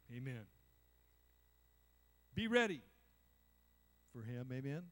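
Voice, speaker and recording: A man's voice: fairly high pitch, normal speed, long pauses. An older man preaching a conversational sermon, acting out little voices and asking the congregation "amen?". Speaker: pastor.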